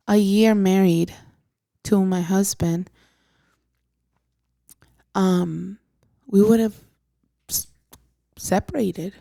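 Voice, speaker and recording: A young woman hosting a podcast, telling a personal story in a halting, emotional way with many fillers and restarts, often soft and breathy. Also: medium pitch, no echo, clean studio sound. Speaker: podcast host.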